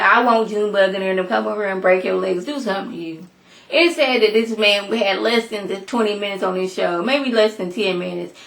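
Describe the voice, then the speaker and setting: A woman casually reviewing a TV episode, animated and emphatic, talking back at the characters. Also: mid-range voice, vocal fry, echoey room. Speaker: TV show reviewer.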